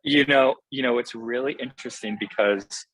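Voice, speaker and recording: A man's voice: mid-range voice, moderate pace, a bit bright, no room sound, rough recording. A man being interviewed as a film director, talking in an earnest, enthusiastic way that often halts on fillers. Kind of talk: casual interview answers.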